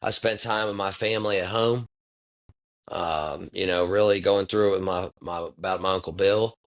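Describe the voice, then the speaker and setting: A podcast host in his thirties delivers a casual monologue, rambling in a laid-back, reflective way and swearing constantly. He has a low voice with a steady tone and a moderate pace.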